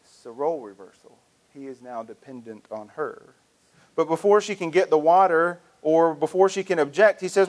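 A man's voice: on the high side, moderate pace, darkish tone. A male pastor preaching a sermon in a conversational, storytelling way with frequent restarts.

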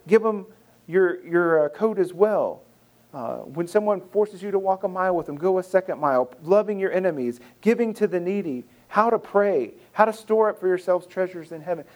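Earnest higher-voiced male preacher. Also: a little mellow. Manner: earnest, conversational preaching with repeated phrases and restarts. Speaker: pastor. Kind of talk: sermon.

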